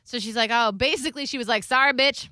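Candid woman sharing stories, bright and dry. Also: on the high side, quick pace, no echo. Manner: open, confessional storytelling with lively quoted voices. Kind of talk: candid casual chat.

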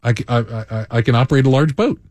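A man hosting a radio talk show, chatting casually, animated and self-mocking, with frequent restarts. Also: mid-range voice, quick pace, no echo. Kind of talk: casual on-air banter.

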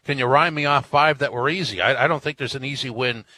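A man's voice: medium pitch, fast talker, pushed and bright. A man hosting a post-game basketball panel, putting questions to his guests. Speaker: host.

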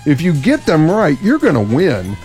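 A man's voice: fairly high pitch, wildly swooping pitch, normal speed, darkish tone, soft background music. A man hosting a casual radio talk show, playful and boastful, laughing often.

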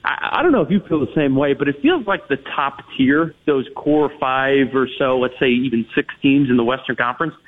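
A man's voice: medium pitch, lively intonation, a little fast, few pauses. A man analysing hockey as a guest in a radio interview, talking in long runs full of restarts and fillers. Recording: tinny phone line on radio.

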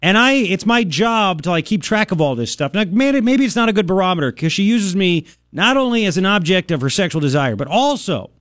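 A man in his thirties hosting a radio talk show, ranting in an animated, sarcastic way with mocking impressions. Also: sits high, fairly quick, hardly any pauses, dry recording, studio quality. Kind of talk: opinionated talk radio monologue.

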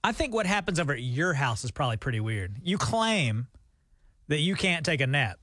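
Higher-voiced deadpan male radio host. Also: a little fast, dry recording, studio quality. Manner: deadpan, mock-serious joking. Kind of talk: casual radio banter. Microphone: studio microphone.

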